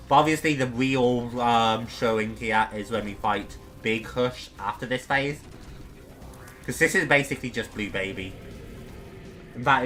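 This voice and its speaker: Bright-voiced young man commenting on gameplay. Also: fairly low pitch. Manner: chatty, self-deprecating, talks to himself while playing. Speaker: gaming streamer.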